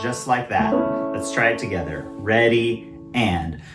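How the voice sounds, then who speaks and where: A man's voice: fairly low pitch, measured pace, loud music behind the voice. A man in his thirties from California, giving a casual singing lesson to camera and demonstrating sounds with his voice. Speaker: voice teacher.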